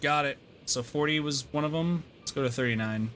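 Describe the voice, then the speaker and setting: A man's voice: a little high, lively intonation, normal speed, a bit bright, slight background noise. A man streaming a game, giving casual, rambling, self-deprecating commentary with lots of fillers.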